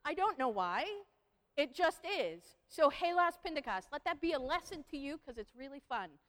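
Her voice high-pitched and sing-song with a fairly bright tone, a woman speaks at normal speed in a fun, interactive presentation where the crowd echoes her phrases. A long hall reverb trails her words.

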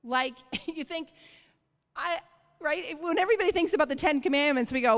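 A woman pastor delivering a sermon in a church, preaching with animated, rising emphasis. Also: sits high, a little fast. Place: church sanctuary. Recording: hall reverb.

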